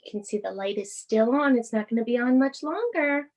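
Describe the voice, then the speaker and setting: A woman leading a children's bedtime yoga class, speaking in a gentle, soothing, sing-song way as she reads a storybook aloud. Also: fairly high pitch, lively intonation, a little fast. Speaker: yoga instructor.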